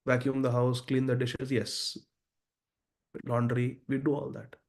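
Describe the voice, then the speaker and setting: Earnest male teacher, mid-pitched voice with a gravelly texture, lecturing to a devotional class. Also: completely flat delivery, unhurried, a little mellow. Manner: earnest, addresses listeners directly. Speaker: Bhagavatam class speaker.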